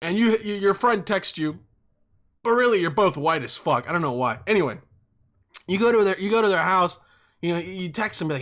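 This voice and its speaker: Bright-voiced rambling young podcast host. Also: male voice, high-pitched, fairly quick. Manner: profane, animated, jumps between topics.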